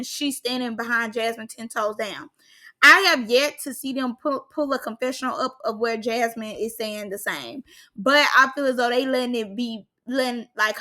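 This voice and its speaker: A young woman recaps a reality show in a loose, chatty vlog voice. She is opinionated and full of filler words, with a slightly high, crisp, bright tone. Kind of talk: casual reaction commentary.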